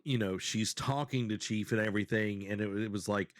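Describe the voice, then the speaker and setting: A man's voice: lowish voice, a little fast, dry recording, studio quality. A man co-hosting a casual gaming podcast, talking in a rambling, emotional way and repeating phrases. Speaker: podcast co-host.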